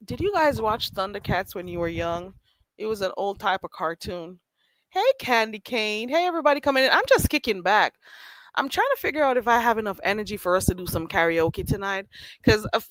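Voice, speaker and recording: A woman's voice: mid-range voice, fairly bright tone, no room sound, poor audio. A woman hosting a casual livestream, chatting and teasing viewers by name and laughing often. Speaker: livestream host. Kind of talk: casual chat reading live chat. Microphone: streaming mic.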